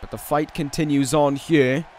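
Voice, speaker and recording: A man commentating a wrestling video game in a slightly high voice. He rambles casually between matches with restarts and fillers, then rises into excited calls when the big moves land. Faint noise sits behind him. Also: moderate pace. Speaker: gaming video host.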